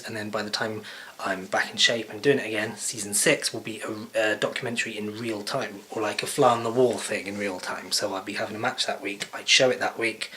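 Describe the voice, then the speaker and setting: A man's voice: on the low side, pushed and bright, low-quality recording. A man hosting his own show, chatting unscripted straight into a camera mic in a rambling, jokey, self-deprecating way. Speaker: vlogger host. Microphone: camera microphone.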